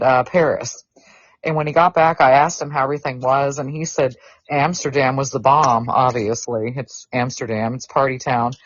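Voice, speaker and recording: A woman's voice: low-pitched, dry recording, highs cut off. A woman from the Southern United States, co-hosting a casual chat podcast, laughing often and talking easily. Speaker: co-host.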